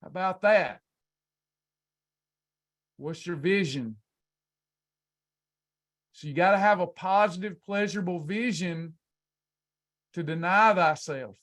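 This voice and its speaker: A man's voice: sits high, slow, pauses often, fairly bright tone. A man coaching a class on weight loss in an emphatic, preacher-like motivational speech full of rhetorical questions.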